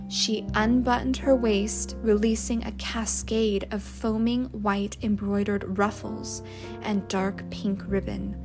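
A woman narrating a novel chapter in a measured, unhurried reading. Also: mid-range voice, level tone, over music. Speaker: audiobook narrator. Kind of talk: scripted storybook narration.

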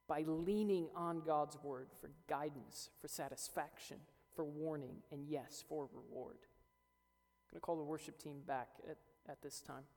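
A man's voice: on the high side, steady tone, measured pace, a little mellow. A young man preaching a sermon as a pastor, earnest and building to emphatic peaks. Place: church hall. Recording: reverberant hall with faint music.

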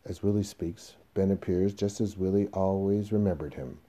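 Man, reading stage directions, very low voice, dark and husky. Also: steady tone. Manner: quiet, measured. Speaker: reader of a play.

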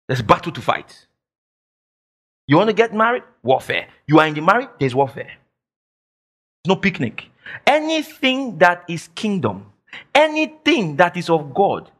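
A man preaching a sermon as pastor, emphatic, repeating phrases and shouting declarations. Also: sits high. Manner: quotes imagined listeners in mock voices.

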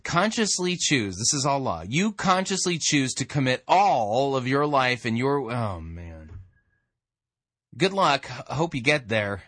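A man's voice: medium pitch, big pitch swings, unhurried, a bit bright, dry recording. A man hosting a sermon review, bluntly and scornfully critiquing the clips he plays. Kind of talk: critical commentary.

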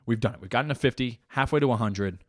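A man's voice: medium pitch, quick pace, a bit bright, no echo, studio quality. A young man hosting his own podcast in a casual, rambling, profane and jokey way. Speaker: podcast host. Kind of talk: casual solo podcast chat.

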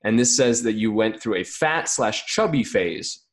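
A man hosting a casual interview, upbeat, with quick interjections and easy laughs. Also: on the low side, expressive. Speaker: host.

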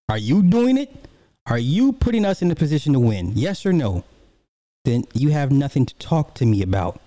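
A man's voice: mid-range voice, very animated, moderate pace, warm tone, no room sound. A man giving a heated, profane reaction commentary in blunt everyday speech.

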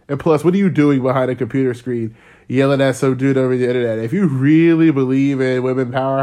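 With a mid-range, darkish voice, a young man holds forth alone on his podcast. He rants in a casual way, rambles off topic, forgets where he was going, and chuckles between points.

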